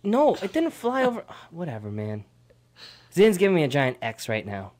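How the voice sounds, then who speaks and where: A man's voice: on the high side, normal speed. Guy cohosting live radio, voice swings up and down a lot, laughs constantly. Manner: animated, laughs often, teasing. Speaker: radio co-host. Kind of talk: casual banter on live radio. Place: campus radio studio.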